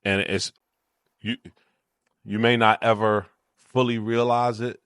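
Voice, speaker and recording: Low-voiced reflective man, dry mic. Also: slow pace, clear, resonant tone, dry recording. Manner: reflective, encouraging, steady. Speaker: podcast co-host. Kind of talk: casual chat.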